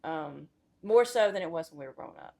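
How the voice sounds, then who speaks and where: A middle-aged woman speaks as a school vice principal on a podcast, her voice sitting a little low. She gives frank, emphatic opinions in a relaxed, conversational way. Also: fairly quick, gravelly. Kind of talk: casual interview chat.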